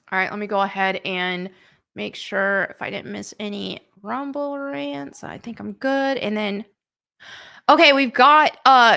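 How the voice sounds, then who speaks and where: Woman streamer chatting casually, laughs a lot, kinda high bright voice. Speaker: live-stream host. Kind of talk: casual live-stream chat.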